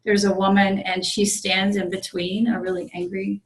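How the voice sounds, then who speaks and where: Speaking at medium pitch with a level tone and normal speed, a woman Zen priest gives a conversational dharma talk on a low-quality recording. She shares a personal story in a meditation group room, frequently hesitating with ums and beginning sentences again.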